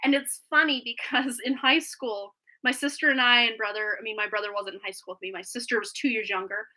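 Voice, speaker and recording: Gushing lady doing live tarot readings, bright lively voice, giggles a lot. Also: fairly high pitch, fairly quick, low-quality recording. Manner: bubbly, effusive, giggly. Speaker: tarot reader. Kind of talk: live stream chat and readings.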